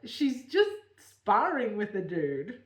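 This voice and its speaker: Woman reading her old book out loud on a podcast, giggly and self-mocking, roomy echo. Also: medium pitch, huge pitch swings, slow pace. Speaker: podcast co-host and author. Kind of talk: reading her own novel aloud with commentary.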